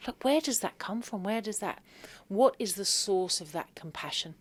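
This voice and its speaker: A woman's voice: medium pitch, animated, moderate pace, few pauses, a bit bright, no room sound. A woman on a podcast telling a personal story in an earnest, moved way, with religious phrases woven into her speech. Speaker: podcast guest.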